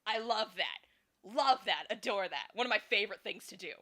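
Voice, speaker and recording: A woman's voice: mid-range voice, lively intonation, fairly quick, sharp tone. Bubbly, giggly young woman chatting. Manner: chatty and giggly, thinks aloud with many fillers. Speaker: streamer and fan artist. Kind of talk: casual chat while drawing.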